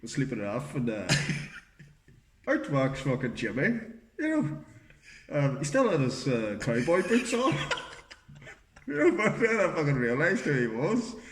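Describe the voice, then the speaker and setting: A man's voice: fairly high pitch, huge pitch swings, a little slow, pauses often, a little hiss or hum. Rambling man telling a yarn. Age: middle-aged. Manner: rambling storyteller, full of fillers and swearing. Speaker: podcast co-host. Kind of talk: casual chat, anecdote telling. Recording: roomy echoey room.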